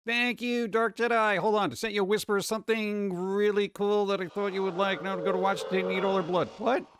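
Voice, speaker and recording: A man's voice: sits high, steady tone, fairly quick, background noise. A man streaming live, rambling casually and greeting chat viewers one by one.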